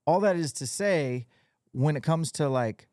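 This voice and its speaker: A man's voice: on the high side, a little slow, a little mellow, dry recording, studio quality. Easygoing man in his forties hosting. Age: 40s. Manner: easygoing, candid, joking. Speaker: podcast host. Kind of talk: casual podcast chat.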